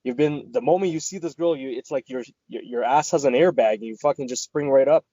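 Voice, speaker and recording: A man talking quickly in a loose, rambling way, swearing often as he tells a story and acts out what his friends said. The sound is dry and a little dull. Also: mid-range voice, dark tone, no room sound. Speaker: podcast co-host. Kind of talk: casual storytelling chat.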